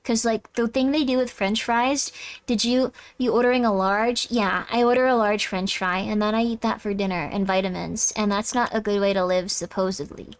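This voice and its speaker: A woman's voice: mid-range voice, fairly even intonation, moderate pace. A young woman streaming a game, bubbly and rambling, giggling and chatting with viewers. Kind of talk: casual let's-play chat.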